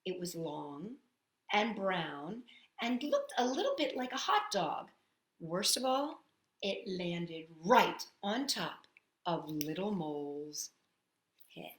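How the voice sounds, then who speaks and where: A woman storyteller reading a children's picture book aloud, expressive and full of sound effects. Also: on the low side, takes it slowly. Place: at home. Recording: echoey room.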